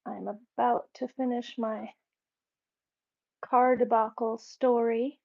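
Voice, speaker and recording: At home with a camera set up in the room, a woman vlogs casually, turning from remarks to the lens to give her dogs firm, repeated commands. Her voice sits on the high side with a level tone and vocal fry, and she speaks extremely slowly with long pauses. It sounds warm, though the recording is lo-fi.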